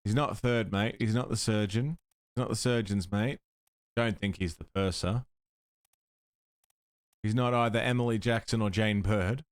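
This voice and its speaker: A man with a lowish voice comments live on a puzzle game he's streaming, speaking at a moderate pace and pausing often. He thinks out loud, mutters guesses, swears occasionally, and greets viewers in excited bursts. The sound is clean studio quality with no room sound.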